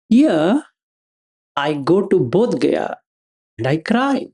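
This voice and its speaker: This is a man delivering a Dhamma talk in a dark, gravelly voice. He reasons aloud through pointed rhetorical questions, returning again and again to Pali terms. His tone is blunt, brushing emotion aside as illogical. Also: a little high. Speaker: Buddhist Dhamma teacher.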